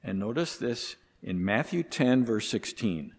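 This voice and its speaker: A man preaching a sermon slowly and deliberately, his voice lifting hard on the words he stresses. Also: medium pitch, animated, husky. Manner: slow, deliberate preaching with emphatic rises on key words. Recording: long reverb of a large hall.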